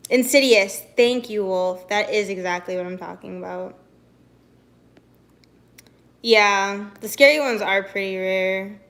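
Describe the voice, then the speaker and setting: A woman's voice: medium pitch, unhurried, pauses often, fairly bright tone. A young woman streamer in casual live-stream chat, bubbly and rambling, with lots of "like". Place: home, walks to the kitchen.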